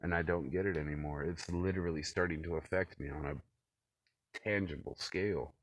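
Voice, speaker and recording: Husky-voiced man ranting at home. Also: steady tone, normal speed. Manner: agitated, profane, swings between loud outbursts and low muttering. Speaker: vlogger. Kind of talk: rambling solo rant to camera. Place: cold room at home.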